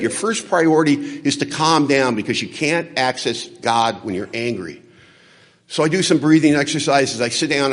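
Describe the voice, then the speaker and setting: Animated man telling a story in a hall. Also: mid-range voice. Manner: animated storyteller acting out dialogue. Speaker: recovery speaker. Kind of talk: storytelling talk at a convention. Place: large convention hall. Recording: hall reverb from a large venue.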